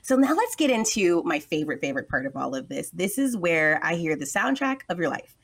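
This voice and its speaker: A young woman hosts a relaxed conversation with a bright, playful manner. Her pitch jumps around a lot as she jokes and laughs easily. She talks in an easygoing, chatty way. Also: a little fast, breathy edge. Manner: laughs often, playful and animated. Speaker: podcast host. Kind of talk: casual chat.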